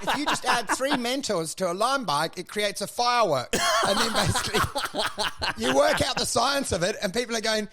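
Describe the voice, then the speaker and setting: A stand-up comedian co-hosting a podcast tells rambling comic stories in casual chat, voicing the people he quotes and laughing often. His voice is high, sharp, and animated, at a normal speed.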